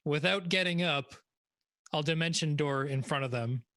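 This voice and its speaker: A man playing a tabletop game, relaxed and joking as he describes what his character does. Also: fairly high pitch, normal speed. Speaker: player. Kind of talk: casual chat during a tabletop game.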